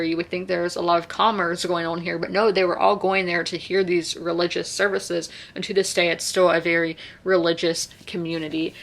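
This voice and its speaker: Young woman, casual book vlog, gravelly fry, chatty, reads excerpts aloud. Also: on the low side, a bit bright. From South Carolina. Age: 20s. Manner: chatty, filler-heavy, reads passages aloud. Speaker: book reviewer.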